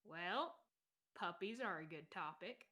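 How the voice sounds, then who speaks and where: A woman voicing a tall, relentlessly cheerful male adventurer in a tabletop game, with a put-on Southern drawl and a soothing, gently preachy manner. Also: lowish voice, lively intonation, measured pace, voice pushed down. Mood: earnest, soothing. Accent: put-on American Southern. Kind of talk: tabletop role-play.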